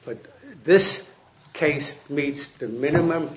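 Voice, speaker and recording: A man arguing a case before judges in a courtroom, halting and restarting often with fillers. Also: on the high side. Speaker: attorney arguing an appeal. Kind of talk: courtroom oral argument. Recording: echoey, muffled courtroom audio with faint hiss.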